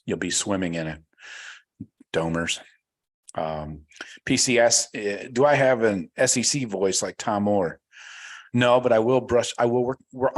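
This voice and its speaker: Laid-back deep-voiced American man chatting. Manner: relaxed, rambling, swears casually. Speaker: podcast host reading live chat. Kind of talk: casual livestream chat.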